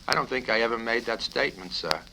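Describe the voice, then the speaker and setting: A man's voice: medium pitch, expressive, fast talker, creaky. A man reading aloud, voicing a meek young cadet who stammers nervous answers, on a crackly vinyl record. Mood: flustered. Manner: hesitant, stammering. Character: meek, flustered young male air cadet.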